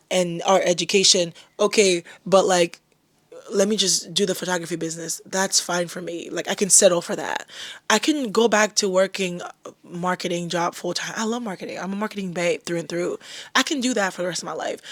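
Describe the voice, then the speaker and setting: Young woman host, casual pep talk, lively swings, dry close mic. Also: medium pitch, no room sound. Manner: animated, breaks into loud excited bursts. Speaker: podcast host.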